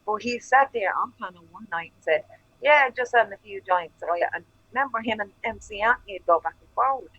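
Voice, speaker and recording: A woman's voice: mid-range voice, animated, fairly quick, fairly bright tone, no echo, highs cut off. A woman co-hosting a livestream panel, telling a heated story in a profane, angry rant over earphones on a call. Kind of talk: casual chat, heated storytelling.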